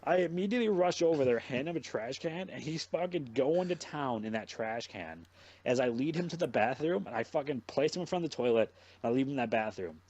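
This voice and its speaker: A man's voice: mid-range voice, a little fast, no room sound, dull audio. A young man hosting a podcast, telling a long story in casual chat, swearing constantly and rambling as he goes. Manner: swears a lot, rambling and animated. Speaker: podcast host.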